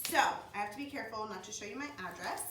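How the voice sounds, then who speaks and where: A woman in her twenties chatting to camera about her work as a speech-language pathology assistant, gushing and excited, with lots of "like" and "oh my gosh". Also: mid-range voice, fast. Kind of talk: casual chat to camera. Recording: echoey room, mic at a distance, faint noise.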